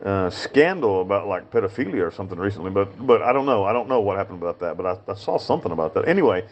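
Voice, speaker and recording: A man with a Western North Carolina mountain accent talks to the camera from prison, rambling and repeating himself as he drifts between points. His voice sits a bit low, and the recording sounds muffled and lo-fi. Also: sing-song, quick pace. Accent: Southern Appalachian mountain. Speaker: prison chaplain and inmate. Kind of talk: casual spoken monologue.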